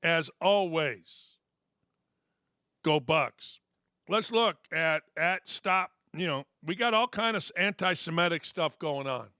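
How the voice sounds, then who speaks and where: A man's voice: high voice, unhurried, hardly any pauses, bright, forceful tone, smooth. A middle-aged man hosting a sports talk show, delivering a blunt, sarcastic, fired-up opinion monologue.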